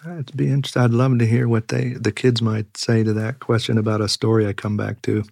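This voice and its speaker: A middle-aged man, a pastor, telling reflective stories in an earnest, halting way with many fillers. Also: medium pitch, flat delivery, vocal fry, darkish tone, no echo, studio quality. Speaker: pastor and guest. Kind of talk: reflective conversational storytelling.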